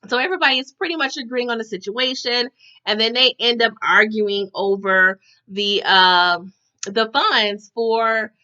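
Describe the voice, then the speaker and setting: A woman's voice: a little high, a little slow, pushed and bright, clear, resonant tone, highs cut off. A woman recapping a TV episode in casual chat, often tagging her sentences with "okay?". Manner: chatty, tags lines with "okay?".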